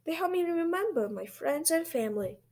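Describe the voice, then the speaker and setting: A woman's voice: very high-pitched, expressive, normal speed, a little mellow, pitched above the performer's own voice. A woman voicing a cheerful, literal-minded young schoolgirl in a children's storybook read-aloud.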